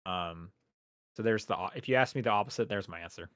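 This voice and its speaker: A man's voice: lowish voice, quick pace, fairly bright tone, dry recording, studio quality. A man co-hosting a video game podcast, chatting casually with wry, sarcastic asides. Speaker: podcast co-host. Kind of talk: casual chat.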